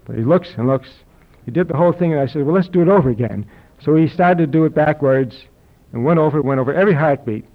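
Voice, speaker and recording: Telling a live audience about his health, an older man delivers a dry, wry anecdote fast and with few pauses, his voice on the high side. The recording is dull and lo-fi, and the audience can be heard laughing.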